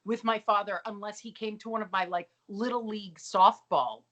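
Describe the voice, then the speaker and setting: A woman's voice: mid-range voice, normal speed, lo-fi sound. A woman co-hosting a podcast, chatting casually about a sitcom episode and acting out characters' lines. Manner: lively, chatty, acts out lines in quotes. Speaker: podcast co-host.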